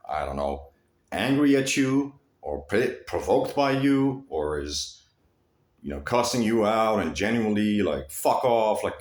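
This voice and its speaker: A man's voice: medium pitch, roomy sound. A man talking straight to his viewers in a rambling, profane monologue, restarting his sentences often. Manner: rambling, profane, with frequent restarts and animated swings. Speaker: vlogger. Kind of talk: casual monologue to camera.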